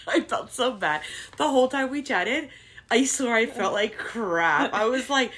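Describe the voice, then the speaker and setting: Bubbly, lively-voiced podcast mom. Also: female voice, fairly high pitch, a little slow. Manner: bubbly, giggly, animated storytelling. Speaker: podcast co-host, mother. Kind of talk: casual chat.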